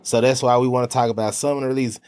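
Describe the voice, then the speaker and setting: A relaxed man hosts a casual studio chat with a group of guests around the table. His voice sits in a middle range, and he talks loosely, with friendly filler phrases. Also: mid-range voice, racing. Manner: laid-back, laughing, lots of "you know what I'm saying". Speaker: talk show host.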